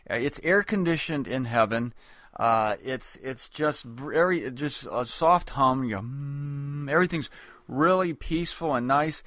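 This is a man talking through a comic monologue at an ordinary middle pitch. He rambles and doubles back to correct himself, with a wry edge. The sound is dry, with no room echo. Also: a bit bright. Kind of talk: comedic monologue.

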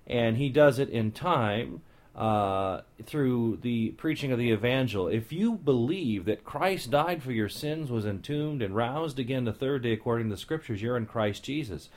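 A man giving a Bible teaching sermon in a voice of ordinary middle pitch. He hammers home key phrases by repeating them and slips into relaxed, conversational asides between readings. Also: normal speed. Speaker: preacher.

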